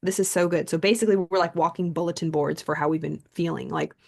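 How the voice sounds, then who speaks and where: Woman with vocal fry reading aloud. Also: on the low side, steady tone, fast, darkish tone. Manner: chatty storytelling with many fillers. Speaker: self-development coach. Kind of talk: reading a book aloud with casual commentary.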